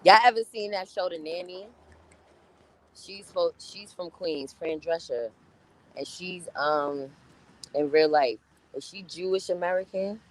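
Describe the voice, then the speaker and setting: A woman's voice: lowish voice, a little slow, low-quality recording. Profane chatty New woman streamer. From New York. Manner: blunt and profane, chatty, laughs often. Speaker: live-stream host. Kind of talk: casual live-stream chat reading viewer comments.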